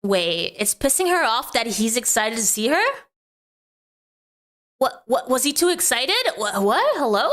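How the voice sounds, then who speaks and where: A woman's voice: on the high side, big pitch swings, a little slow, fairly bright tone. A woman streamer reacting to clips with teasing, sarcastic commentary. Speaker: streamer host.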